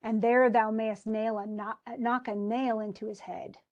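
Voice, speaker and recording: A woman's voice: a little high, steady tone, a little slow, highs cut off. A woman reading as Caliban, a vengeful monster. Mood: scheming. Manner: begging, vengeful old-fashioned verse. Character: bitter, scheming male island monster.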